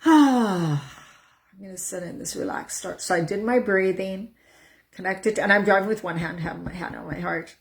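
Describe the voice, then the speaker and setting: A woman's voice: on the low side, fairly even intonation, a little fast, gravelly. Middle-aged woman, earnest coach, casual talk to camera, repeats herself for emphasis. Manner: earnest, repetitive, self-coaching. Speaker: menopause coach.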